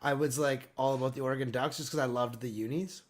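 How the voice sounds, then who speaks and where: A man's voice: medium pitch, fairly even intonation, fast. A man co-hosting a sports podcast, talking casually and hesitantly, full of "like" and trailing off. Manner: hesitant, filler-heavy, trailing off. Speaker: podcast co-host.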